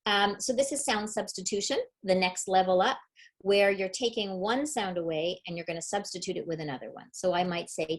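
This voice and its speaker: Middle-aged woman running a reading webinar for parents, upbeat, shows games step by step, medium pitch. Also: a little fast. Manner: upbeat, demonstrative, explains step by step. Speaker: literacy educator. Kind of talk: webinar teaching.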